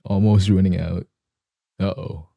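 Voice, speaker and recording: Deep-voiced young man with morning voice. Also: flat delivery, a little slow, gravelly, no room sound, highs cut off. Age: young adult. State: morning voice, clearing his throat. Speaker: live streamer. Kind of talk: casual stream chat.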